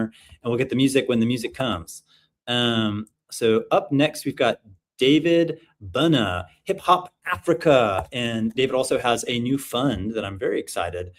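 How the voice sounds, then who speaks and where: A man in his thirties hosting a casual online showcase over a video call, talking in an upbeat, rambling way with lots of fillers. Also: medium pitch. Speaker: livestream showcase host.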